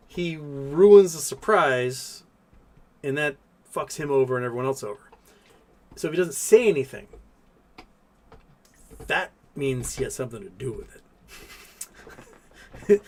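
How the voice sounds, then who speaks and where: Guy rambling on his livestream, lots of ums, just talking it through. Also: mid-range voice. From Texas. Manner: rambling, thinks aloud with fillers, coos softly to his cat. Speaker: livestream host reading super chats. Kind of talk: casual livestream chat.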